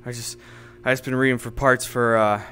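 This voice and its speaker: A man streaming from home, improvising a comedy role-play in a halting, rambling way full of fillers. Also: mid-range voice, level tone, pushed and bright, soft background music. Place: home streaming setup, playing in virtual reality.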